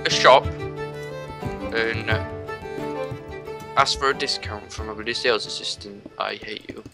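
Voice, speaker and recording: A young man, hosting a casual gaming chat and telling stories in an animated, ranting way. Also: fairly low pitch, unhurried, creaky, soft background music. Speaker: host.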